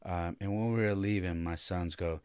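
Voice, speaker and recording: A man's voice: sits low, steady tone, moderate pace, a little mellow, clear, resonant tone, no room sound, clean studio sound. A man hosting a podcast, telling a story from his own life in a loose, conversational way with many fillers and restarts. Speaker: podcast host and father. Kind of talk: casual personal storytelling.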